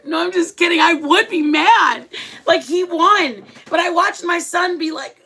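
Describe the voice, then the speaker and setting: A woman's voice: sits high, normal speed. A middle-aged woman hosting a livestream, chatting casually with viewers and telling stories dramatically. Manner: animated, chatty, dramatic storytelling. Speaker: livestream host.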